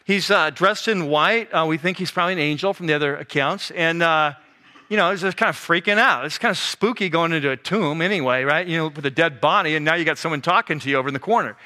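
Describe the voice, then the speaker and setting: A man preaching a sermon as a pastor, telling the story in a casual, animated way that drops to a hush for the serious moments. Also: on the high side, fast talker. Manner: conversational, animated storytelling with sudden hushed drops.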